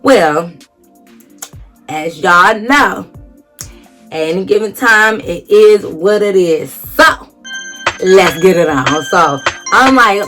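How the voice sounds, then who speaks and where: A woman's voice: mid-range voice, animated, slow, long pauses, music in the background. A young woman vlogger telling a dramatic storytime story casually, acting out quotes and swearing freely.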